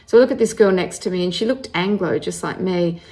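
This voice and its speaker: An Australian woman in her forties telling her own story in an animated, chatty way, with many fillers and restarts. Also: fairly low pitch, fast talker. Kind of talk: personal storytelling monologue.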